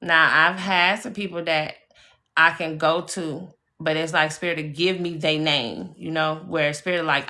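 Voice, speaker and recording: A live-stream spiritual reader tells personal stories casually, chatty and emphatic, swearing freely and calling viewers y'all and baby. Her low voice is bright and forceful, a little slow, with fairly even intonation.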